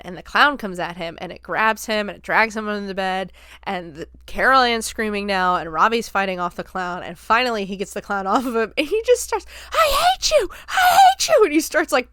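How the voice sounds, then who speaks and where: A woman hosting a podcast, retelling a film's plot in an animated, casual way, slipping into quick character voices and swearing freely. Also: mid-range voice, clean tone, no echo, clean studio sound. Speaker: podcast host. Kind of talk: casual film recap.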